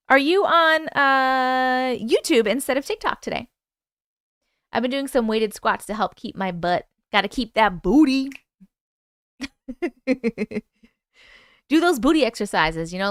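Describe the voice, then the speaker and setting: A woman's voice: mid-range voice, a bit bright, smooth, no room sound, clean studio sound. A woman hosting a casual livestream, chatting loosely, swearing freely and greeting and thanking viewers by name. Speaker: livestream host.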